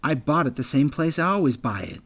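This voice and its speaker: A man's voice: on the high side, lively intonation, brisk, fairly bright tone. A man voicing a smug, well-kept teenage fox boy who talks in a dismissive, offhand way.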